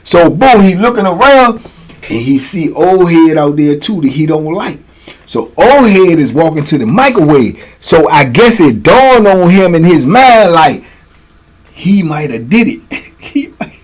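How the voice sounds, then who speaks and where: A man's voice: fairly high pitch, very animated, unhurried, low-quality recording. A man casually telling a prison story, laid-back and slangy, breaking into laughs. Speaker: storyteller, host.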